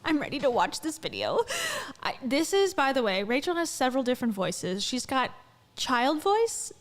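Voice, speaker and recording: Young woman commentator, sarcastic and incredulous; high, swooping delivery for a snarky vlog. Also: sing-song, moderate pace. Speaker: commentary vlogger.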